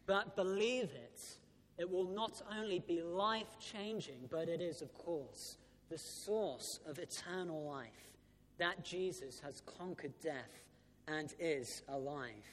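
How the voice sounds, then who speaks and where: A vicar in his thirties preaches an Easter sermon, telling stories and pausing on "uh" fillers. His voice sits high for a man and carries a long reverb from a large church space, with a faint low rumble underneath. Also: animated. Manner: warm storytelling with frequent "uh" fillers.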